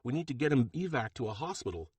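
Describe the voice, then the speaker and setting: Fierce, bitter woman cook, voice pushed high and loud, read by a man. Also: very animated, quick pace, breathy edge, no room sound. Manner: bitter, shouting in anger.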